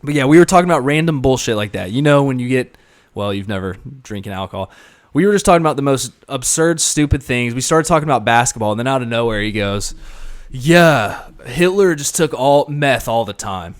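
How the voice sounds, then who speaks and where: A young man co-hosting a podcast, telling a rowdy party story in casual chat, animated and swearing, laughing as he goes. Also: medium pitch, fast. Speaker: podcast co-host.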